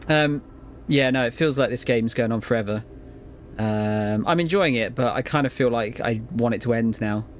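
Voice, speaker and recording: A man's voice: medium pitch, animated, a little slow, long pauses, slight background noise. Laid-back man rambling on stream. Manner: rambling, laid-back, swears and laughs often. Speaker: game streamer. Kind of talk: casual live-stream chat while gaming.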